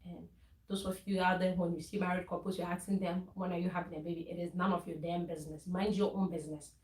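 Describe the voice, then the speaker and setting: A woman's voice: fairly low pitch, flat delivery, fast, darkish tone, echoey room, low-quality recording. A woman from Ghana talking casually in a faith-based vlog, earnest and preachy, with frequent laughs and restarts. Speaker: vlogger.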